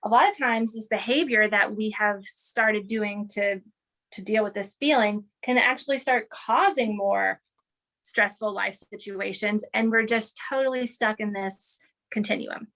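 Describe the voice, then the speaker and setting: A woman explaining an idea in an interview, animated and teacherly, often checking in with "right?" and "okay". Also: mid-range voice, a little slow.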